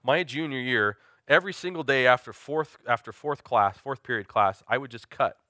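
A man's voice: mid-range voice, normal speed, bright, forceful tone, dry recording, studio quality. A man, preaching an earnest sermon that mixes personal testimony with questions to the congregation. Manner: earnest, confessional, asks the listeners questions.

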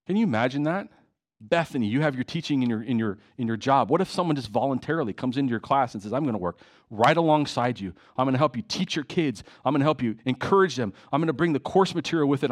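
Male pastor, emotional sermon in a church, lively swooping delivery. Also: mid-range voice, quick pace. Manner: impassioned, emotional preaching with restarts. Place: church hall.

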